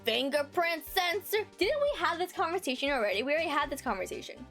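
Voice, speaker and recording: A woman streamer giving casual gaming commentary with quick, excitable reactions. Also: sits high, faint music behind.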